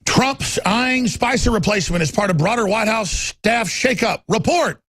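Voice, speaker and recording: A man hosting a talk radio show, ranting with passion and swinging between loud outbursts and low muttering. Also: lively intonation, moderate pace, slight background noise.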